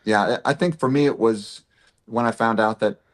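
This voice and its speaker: A man telling stories from his life in a casual interview, animated and full of restarts. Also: medium pitch, moderate pace. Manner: animated storyteller, frequent restarts and laughs. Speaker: podcast guest, pastor and actor.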